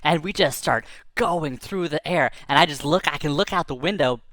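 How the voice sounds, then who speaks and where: A man's voice: a little high, moderate pace, pushed and bright, a little hiss or hum. A man telling an improvised children's story in a chatty, playful way, with sound effects and dialogue between characters.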